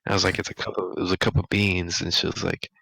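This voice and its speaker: A man's voice: deep voice, little pitch movement, rapid-fire, gravelly, sharp tone, husky, no echo, low-quality recording. A young man co-hosting a podcast, telling school stories in a rambling way, laughing often and filling his talk with "like". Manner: rambling, laughing, full of "like" fillers. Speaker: podcast co-host. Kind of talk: casual storytelling chat.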